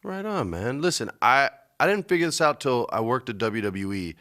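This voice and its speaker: Animated, bright-voiced male podcast host. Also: medium pitch, normal speed. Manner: animated storyteller who acts out the people in his stories. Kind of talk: casual chat.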